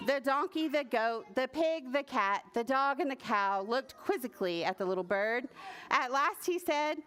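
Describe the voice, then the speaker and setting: A woman librarian reading a picture book aloud at a preschool story time, animated and sing-song, with playful animal noises. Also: sits high, moderate pace, clear, resonant tone. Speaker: children's librarian.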